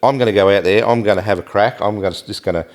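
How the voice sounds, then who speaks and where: A man's voice: on the low side, racing. A man hosting a casual podcast interview, chatty and self-deprecating, with plenty of slang. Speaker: podcast host.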